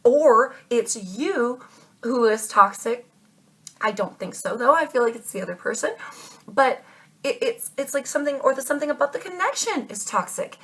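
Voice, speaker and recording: A tarot reader gives a reading to her viewers in a high, animated, somewhat bright and husky voice at a moderate pace. Earnest and insistent, she repeats her advice emphatically and calls listeners babe and darling.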